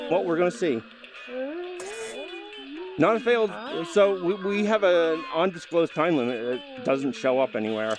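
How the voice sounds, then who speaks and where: A man's voice: on the high side, normal speed, rough recording. A man commentating his VR gameplay, exasperated and ranting at the game with mild swearing. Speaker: gameplay host. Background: game music.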